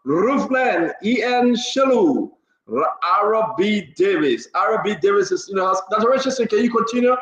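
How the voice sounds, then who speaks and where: A man's voice: high voice, moderate pace, reverberant, muffled recording. A man, hosting a live show and teasingly greeting viewers by name. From Liberia. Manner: teasing, lively shout-outs. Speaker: show host.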